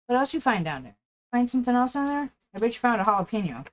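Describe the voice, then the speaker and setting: Chatty woman streamer, slightly high voice. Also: big pitch swings, fast. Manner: coos to her dog in baby talk; chatty and rambling with viewers. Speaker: game streamer. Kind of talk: casual live-stream chat.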